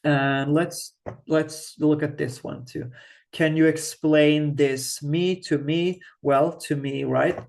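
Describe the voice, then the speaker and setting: Slow, patient male language teacher. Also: fairly high pitch, fairly even intonation, gravelly, darkish tone. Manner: thinks aloud, slow and patient, frequent restarts. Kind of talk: screen-share grammar lesson.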